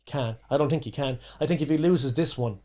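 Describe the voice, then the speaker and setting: A young man co-hosting a podcast, chatting casually and eagerly jumping in with his opinions. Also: mid-range voice. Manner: animated, quick to jump in with opinions. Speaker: podcast co-host. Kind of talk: casual chat.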